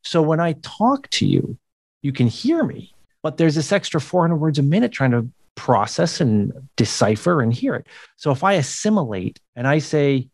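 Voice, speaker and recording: A man's voice: fairly high pitch, very animated, normal speed, a little mellow, no room sound. Man, American, communication coach, explanatory, dry recording. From United States. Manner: explanatory, occasional laughs. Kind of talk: podcast interview.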